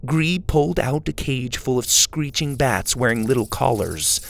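A man narrating a children's adventure story in an expressive read-aloud manner. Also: medium pitch, moderate pace, creaky, hardly any pauses, a little hiss or hum.

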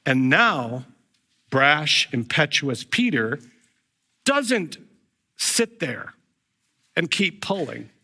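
A man's voice: a little high, very slow, pauses often, breathy edge. A man preaching a storytelling sermon, acting out the voices of the people in his stories. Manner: animated, acts out voices in retold scenes. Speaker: pastor.

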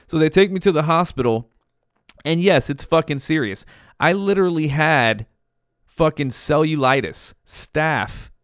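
A man's voice: on the high side, fairly bright tone, smooth, no echo. Laid-back man, forties, swears freely; clean dry recording. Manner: laid-back, heavy swearing, keeps saying dude. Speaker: storyteller. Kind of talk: casual storytelling to camera.

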